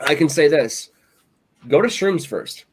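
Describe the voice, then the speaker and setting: Rambling, animated male podcast co-host. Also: fairly high pitch, a little slow, slightly rough. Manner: rambling storyteller, animated, lots of "like" and "you know". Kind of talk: casual chat.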